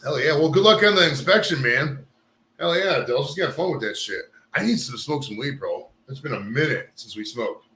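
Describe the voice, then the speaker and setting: A man's voice: mid-range voice, lively intonation, fairly quick, sharp tone. A man hosting a casual live stream, swearing and rambling while fixing his camera gear. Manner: profane, rambling, fixes gear on air. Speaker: live show host. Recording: roomy echo.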